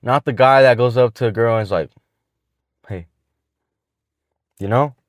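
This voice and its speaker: A man talks straight to his viewers in a loose, rambling monologue full of slang and cursing. His pitch sits in an ordinary middle range, and the recording is dry, with no room sound around him. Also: quick pace, no echo. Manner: slangy, profane, rambling with restarts. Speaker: vlogger giving dating advice. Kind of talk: casual advice monologue.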